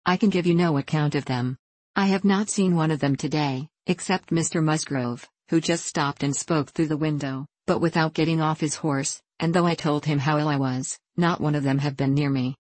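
A woman's voice: sits low, moderate pace, darkish tone, no echo. A woman voicing a peevish, self-pitying young married woman who complains plaintively in a storybook reading. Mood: complaining.

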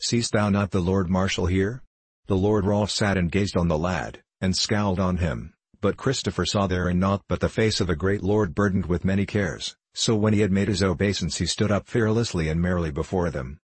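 A man narrating an old-fashioned tale aloud in a measured, formal storytelling manner. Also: low voice, slightly rough, no echo. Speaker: audiobook narrator. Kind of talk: scripted narration of an archaic tale.

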